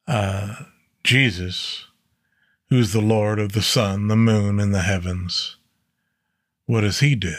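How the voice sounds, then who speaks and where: Man, Bible study teacher, slow delivery, slightly low pitch, earnest, casual. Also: a bit bright, no echo, clean studio sound. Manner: slow and earnest, with fillers and self-corrections.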